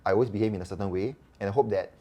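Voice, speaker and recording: Talking very fast in a lowish voice, a doctor with a Singaporean English accent shares stories on a casual podcast. He's chatty and animated, performing the dialogue as he recounts it.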